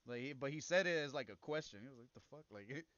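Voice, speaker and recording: A man's voice: mid-range voice, lively intonation, fast talker, bright, forceful tone, lo-fi sound, a little hiss or hum. A man casually commenting while he plays a strategy game, crude and rambling, now and then reading the game's text aloud. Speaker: gameplay streamer.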